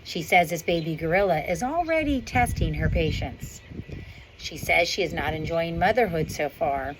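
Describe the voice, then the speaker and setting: Woman reading a proud silverback gorilla with dry wit, low-voiced, storybook tone, faint wind behind. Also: expressive, moderate pace, close to an everyday voice. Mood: wry. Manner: wry, understated storybook narration. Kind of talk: reading a novel aloud. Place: outdoors on a windy day.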